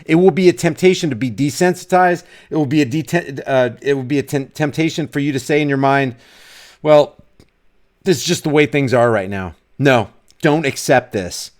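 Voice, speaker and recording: A middle-aged man with a slightly high voice rants straight to his viewers. His delivery is fiery and preachy, and he keeps repeating his points for emphasis. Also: normal speed. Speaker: vlogger. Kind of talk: ranting commentary vlog.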